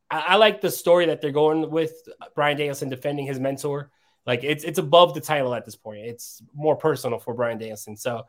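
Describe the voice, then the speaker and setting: A man in a casual talk show, explaining his views steadily with many fillers like "you know". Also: on the high side. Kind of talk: casual chat.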